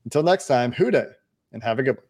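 A man's voice: mid-range voice, expressive, fast talker, a little mellow, husky. Male podcast host, casual chat, steers the talk. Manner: steers the talk, asks questions, signs off the show.

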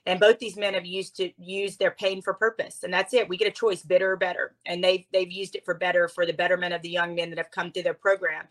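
A woman guest in an interview, telling a personal story in a heartfelt, animated way, at times close to tears. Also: on the low side, fast talker, few pauses.

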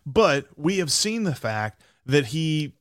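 A man's voice: on the high side, big pitch swings, slow, a bit bright, no echo, studio quality. Analytical male podcast co-host. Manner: thoughtful, analytical, stammering restarts. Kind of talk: casual sports talk.

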